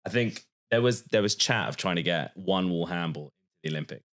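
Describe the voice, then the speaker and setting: With a low, expressive and slightly bright voice, an English man co-hosts a podcast, talking a little fast. The conversation is casual, full of his stories and easy laughter.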